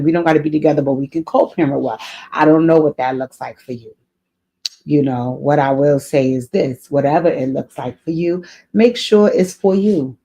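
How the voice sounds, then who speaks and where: A woman's voice: deep voice, mellow. Earnest woman advice host, repeating herself. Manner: earnest, repeats key phrases, emotional. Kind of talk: advice vlog addressing a letter writer.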